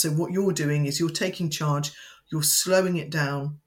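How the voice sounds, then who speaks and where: A woman educator giving calm, measured advice as a guest in an interview. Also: low-pitched. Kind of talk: interview explanation.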